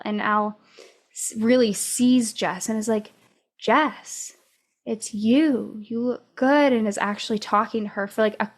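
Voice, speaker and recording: Woman host, unhurried book recap, mid pitch, lots of ums and likes. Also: a bit bright. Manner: unhurried retelling with many fillers. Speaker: podcast host. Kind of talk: casual book discussion.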